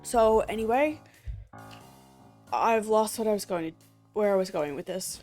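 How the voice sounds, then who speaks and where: A pompous lobster police officer from a game, read aloud by a woman tells a story with bouncy, lively pitch. He lays on his own importance and talks down a little to his partner. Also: a little slow, faint music behind, close to an everyday voice. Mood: self-important.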